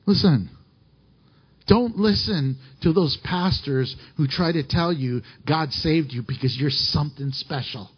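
Husky-voiced man preaching a sermon. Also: on the high side, a little slow, lo-fi sound. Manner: emotional, rising and falling preaching with scripture readings. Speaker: pastor.

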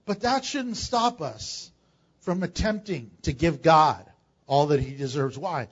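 An older male pastor delivers a lively sermon in a church, cracking jokes and jumping to loud bursts. His voice sits high and husky. The recording is dull and lo-fi. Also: unhurried. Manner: animated preaching with jokes and sudden loud bursts.

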